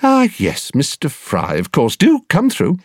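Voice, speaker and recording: A man's voice: on the high side, huge pitch swings, unhurried, dry recording, clean studio sound, voice pushed up, heavily acted. A man voicing a prim young solicitor. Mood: courteous. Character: young male solicitor, polite, fussy, deadpan.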